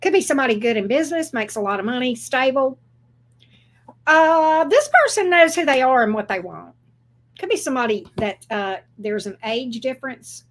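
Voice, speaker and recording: A woman giving a casual tarot reading who talks in a chatty, excitable way and swears freely. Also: high-pitched, normal speed. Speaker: tarot reader.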